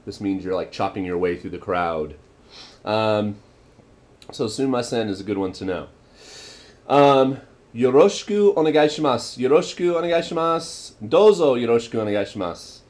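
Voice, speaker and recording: A man's voice: on the low side, lively intonation, normal speed, long pauses, darkish tone. A young man in a casual vlog, explaining everyday phrases with many ums and repeating each phrase for practice. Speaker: vlogger teaching Japanese phrases.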